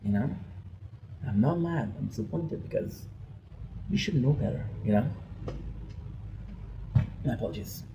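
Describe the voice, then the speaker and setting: Gravelly, dark-voiced man venting. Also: medium pitch, lively intonation, a little slow, long pauses, a little hiss or hum, low-quality recording. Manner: rambling, frustrated, restarts often. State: emotional. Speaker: vlogger. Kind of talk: personal vlog rant.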